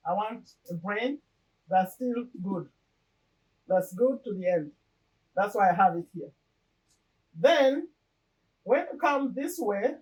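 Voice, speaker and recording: A woman's voice: medium pitch, recorded from a distance, low-quality recording. A middle-aged woman talking casually to the camera in an earnest way, often repeating and restarting her phrases. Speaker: vlogger. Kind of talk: casual personal talk to camera.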